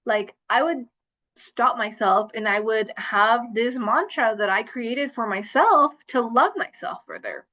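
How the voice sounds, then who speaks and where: A woman's voice: on the high side, unhurried, pushed and bright. Woman host on a lo-fi livestream, chatty and rambling, everyday speaking voice. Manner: chatty, rambling, with many fillers. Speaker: self-love coach hosting a livestream. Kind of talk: casual livestream talk.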